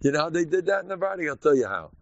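A man with an American accent, a rabbi giving an informal, animated Purim talk full of stories and sudden shouts. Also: fairly high pitch, rapid-fire, creaky, no echo, dull audio.

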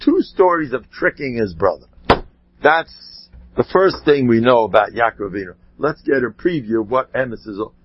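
A man giving an informal Torah talk, telling rambling stories with animated asides. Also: medium pitch, normal speed, noisy background. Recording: dull lo-fi sound.

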